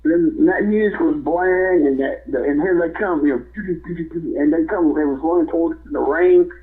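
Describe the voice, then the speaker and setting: A man's voice: fairly high pitch, normal speed. A man, a former wrestler and guest, telling rambling stories and laughing often, over a phone line. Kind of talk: casual storytelling.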